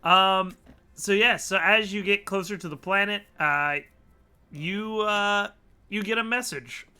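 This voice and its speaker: A man's voice: high voice, a little slow, pushed and bright, clean tone. A man narrating as game master of an online tabletop game, often laughing as he describes the scene. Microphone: remote call mic.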